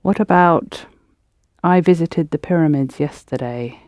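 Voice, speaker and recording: A woman's voice: deep voice, unhurried, a little mellow, no room sound, clean studio sound. A woman teaching a language lesson, patiently prompting students and correcting their pronunciation.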